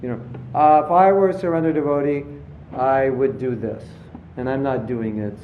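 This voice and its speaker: A man's voice: medium pitch, moderate pace, slight background noise. A man giving a casual spiritual talk to an audience, telling jokes and stories and briefly acting out voices in them. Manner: storytelling, acts out voices in his anecdotes. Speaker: spiritual teacher. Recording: roomy, slightly dull lecture recording.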